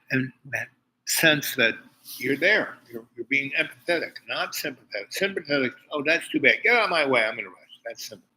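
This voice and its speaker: Bright-voiced man telling rambling stories. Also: medium pitch, slight background noise, low-quality recording. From Harlem, New York. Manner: digressive storytelling with many restarts and asides. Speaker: host. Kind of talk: rambling personal monologue.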